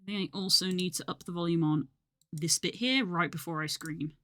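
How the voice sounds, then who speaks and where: A woman's voice: lowish voice, moderate pace, a bit bright. A young woman streaming live, chatting casually and commenting on her work while she edits a video.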